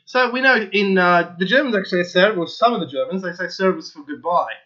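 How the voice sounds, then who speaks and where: A man with a high, bright voice talks straight to his viewers in an eager, insistent monologue, repeating himself as he presses each point. The recording sounds dull and lo-fi. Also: a little fast. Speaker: channel host. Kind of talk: opinionated solo monologue to viewers.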